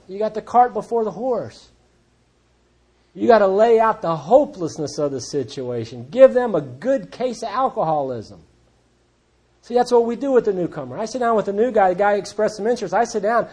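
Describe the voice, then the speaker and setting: A man speaking to a recovery group, telling stories in a plainspoken, folksy and blunt way. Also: high voice. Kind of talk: storytelling talk to a recovery group.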